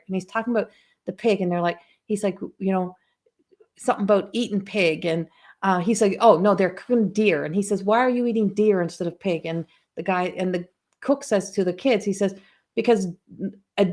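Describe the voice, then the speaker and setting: Woman spiritual coach, rambling and chatty. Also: mid-range voice. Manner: rambling, storytelling, frequent restarts. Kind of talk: casual live-stream talk.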